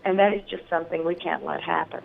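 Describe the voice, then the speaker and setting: A congressional candidate from Tennessee in their sixties, giving earnest, measured campaign answers in a radio interview, with many ums and restarts and a slightly rough early-morning voice. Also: medium pitch, narrow, tinny audio, slight background noise.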